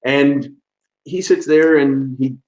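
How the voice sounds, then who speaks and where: Telling a story during a webinar, a man in his forties speaks slowly with fairly even intonation and a darkish, medium-pitched voice. The delivery is chatty and loose, packed with fillers and restarts, and the sound is lo-fi.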